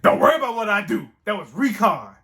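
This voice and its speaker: A man voicing a calm, scheming young man who brushes off questions. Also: high voice, quick pace, gravelly, pitched above the performer's own voice, heavily acted. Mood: dismissive.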